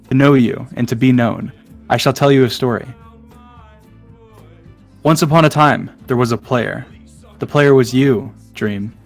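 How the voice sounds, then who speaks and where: A man reading a long poem aloud in a hurry, tripping over words and breaking off with asides. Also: medium pitch. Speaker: online content creator.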